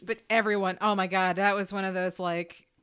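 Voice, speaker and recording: Laughing, smooth-voiced woman telling stories. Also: medium pitch, moderate pace. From Brooklyn, New York. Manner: animated, laughing storyteller. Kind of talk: casual chat.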